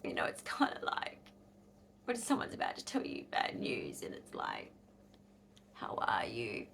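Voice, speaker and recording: Blunt, gravelly Australian woman in her fifties. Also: a bass voice, wildly swooping pitch, moderate pace, fairly bright tone, a little hiss or hum. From Western Australia. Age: 50s. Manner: blunt, angry and indignant, swears freely. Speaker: vlogger. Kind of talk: casual vlog monologue.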